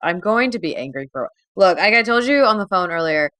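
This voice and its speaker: A woman's voice: medium pitch, animated, a little fast, a bit bright, dry recording. A woman co-hosting a podcast in casual chat, dramatic and self-mocking, swearing now and then. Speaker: podcast co-host.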